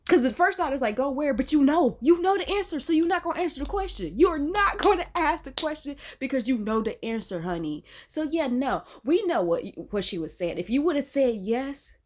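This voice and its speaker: A chatty woman from North Carolina who hosts a reaction video. Her pitch is a touch high and swings widely as she talks. She keeps laughing and keeps calling her listeners honey. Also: big pitch swings, fairly quick, hardly any pauses. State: sneezy from allergies. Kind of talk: casual reaction commentary.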